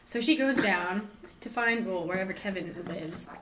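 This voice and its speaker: A woman's voice: mid-range voice, normal speed. Teen girl retelling a story, distant mic. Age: teens. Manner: casual, chatty retelling with quoted voices. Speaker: student storyteller. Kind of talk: retelling a novel aloud. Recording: distant mic with background noise.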